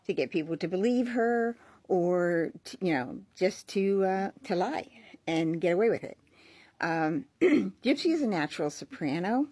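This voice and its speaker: Chatty woman with a husky edge. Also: fairly low pitch, darkish tone, dry recording. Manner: chatty, explains with fillers and check-ins. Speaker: social media creator. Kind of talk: casual explanatory monologue.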